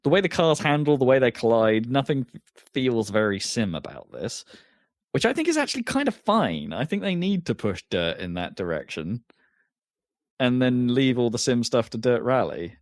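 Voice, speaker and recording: A man's voice: medium pitch, very animated, moderate pace, no echo, clean studio sound. A man co-hosting a podcast in casual chat, rambling with lots of restarts and fillers. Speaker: podcast co-host.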